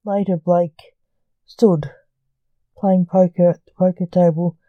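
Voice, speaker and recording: A woman hosting a podcast, reading a story aloud in a calm, measured way. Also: lowish voice, dry recording, lo-fi sound. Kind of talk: scripted story narration.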